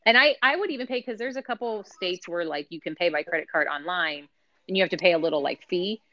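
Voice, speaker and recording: A woman's voice: fairly low pitch, fast, no echo, highs cut off. A woman on a podcast panel, chatting casually and explaining things as she thinks aloud.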